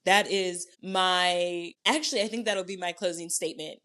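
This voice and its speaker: A woman's voice: lowish voice, steady tone, normal speed, fairly bright tone. A young woman hosting a wellness podcast, talking casually and playfully to listeners, encouraging them and swearing now and then. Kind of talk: casual solo podcast talk.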